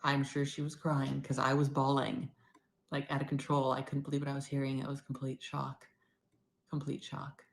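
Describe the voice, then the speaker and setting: A middle-aged woman talking candidly in a personal video diary, rambling and moving between loud bursts and near-whispers. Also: extremely low pitch, monotone, moderate pace, creaky. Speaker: vlogger.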